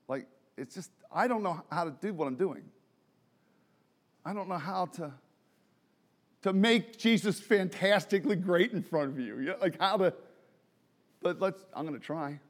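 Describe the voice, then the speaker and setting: A man preaching a sermon as pastor in a church service, animated and self-deprecating, often restarting his sentences and laughing. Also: sits high, a little slow, pauses often. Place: church during a worship service.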